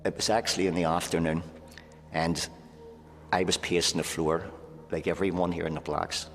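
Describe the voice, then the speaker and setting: Deep, flat-voiced man. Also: normal speed. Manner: earnest, fills speech with "here" and "right?". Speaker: former prisoner. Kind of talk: recollection in interview. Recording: long hall reverb, faint music.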